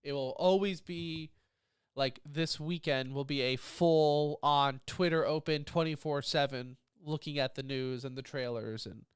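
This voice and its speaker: A man's voice: a little high, fairly even intonation, measured pace, clean tone, no echo, clean studio sound. A man hosting a podcast in a casual chat, his voice a bit nasal from a lingering cough. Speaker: podcast host.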